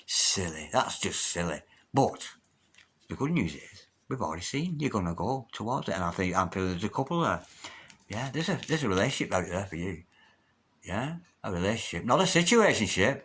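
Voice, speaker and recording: A male tarot reader talks straight to his viewers in an easy, chatty way, leaning on favorite phrases. His voice sits in a middle pitch for a man. He swings from loud, excited exclaiming to hushed, intimate near-whispers. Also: fast talker. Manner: chatty, encouraging, repeats pet phrases. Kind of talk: solo tarot reading to viewers.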